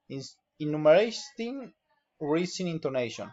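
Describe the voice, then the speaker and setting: A man's voice: on the high side, sing-song, darkish tone. A young adult man, a student whose first language is Spanish, reading a phonetics exercise aloud, word by word and sentence by sentence. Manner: slow, deliberate reading of word lists and sample sentences. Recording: dull lo-fi recording.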